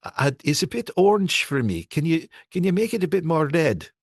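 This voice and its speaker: A man's voice: on the high side, very animated, fairly quick, creaky, husky, no echo, studio quality, pitched above the performer's own voice, exaggerated voice. A man voicing a fussy Scottish woman casting director who gives breezy, vague directions with a Scottish accent.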